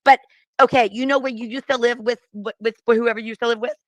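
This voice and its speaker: A woman from the Boston area, a teacher joining a casual livestream, telling stories in an animated, dramatic way. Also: fairly high pitch, fast, no room sound.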